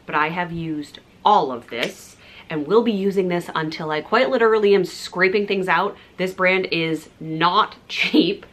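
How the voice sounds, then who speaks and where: A woman in her thirties chatting breezily to camera as a beauty vlogger, full of "like" fillers and soft asides. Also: lowish voice. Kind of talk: casual chat showing products.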